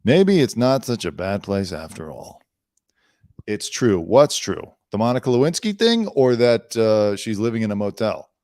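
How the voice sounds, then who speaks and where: A man's voice: on the low side, big pitch swings, moderate pace, darkish tone, no room sound, studio quality. A man hosting an entertainment news show, reading headlines aloud and breaking off into sarcastic, rambling riffs. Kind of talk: casual news commentary.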